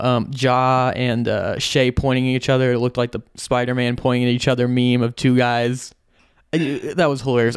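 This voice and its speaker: A man hosts a casual sports podcast, breaking down numbers with upbeat enthusiasm. His voice is smooth and resonant. The sound is dry and close, with no room around it. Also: mid-range voice, dry recording. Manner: stat-heavy, upbeat analysis. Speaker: podcast host.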